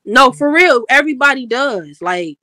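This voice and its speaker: A woman's voice: high-pitched, animated, moderate pace, bright, forceful tone, no echo. A woman with a Chicago accent and a slight Southern lilt, a guest on a live stream who chats and tells stories. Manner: chatty and storytelling. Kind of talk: casual chat.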